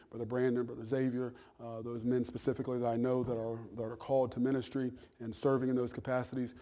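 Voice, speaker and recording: Warm in tone and medium in pitch, a man preaches as pastor of a church, covering both a sermon and Bible class announcements. He keeps it folksy and conversational, often repeating himself and checking that listeners are with him.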